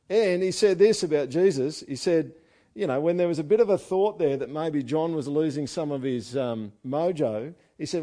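An Australian man preaching a sermon, animated and joking, with loud asides and quiet readings. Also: on the high side, normal speed. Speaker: pastor.

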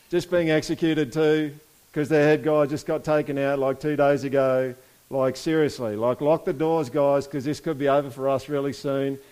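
A man's voice: medium pitch, darkish tone. A man preaching a sermon in a casual, conversational way, asking the congregation for responses and reading scripture aloud. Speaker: pastor.

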